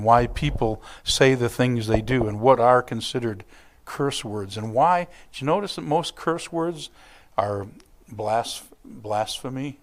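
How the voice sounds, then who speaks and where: A man preaching as a church pastor, in a conversational, animated manner, acting out little quotes and scenes as he explains scripture. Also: medium pitch. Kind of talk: sermon.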